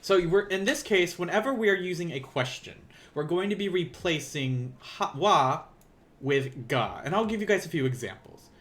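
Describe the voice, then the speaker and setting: A man's voice: a little high, animated, moderate pace, fairly bright tone. A man with a Southern US accent giving a casual live-streamed language lesson, rambling and self-deprecating as he thinks aloud. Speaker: language teacher. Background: keyboard typing.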